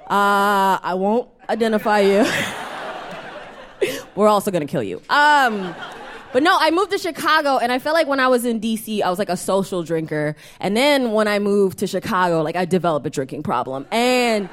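A young adult woman performing a live stand-up set in a small venue, animated and self-mocking, often laughing at her own jokes. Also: medium pitch, normal speed. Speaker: stand-up comedian.

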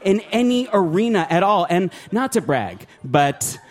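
A man doing a stand-up set, self-mocking and shouting his punchlines. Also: high-pitched, very animated, measured pace, noisy background. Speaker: stand-up comedian. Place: live comedy show before an audience.

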